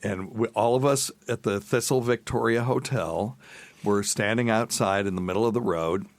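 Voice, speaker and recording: Brief: middle-aged man, low-ish voice, casual self-deprecating storyteller, podcast host. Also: moderate pace, no room sound.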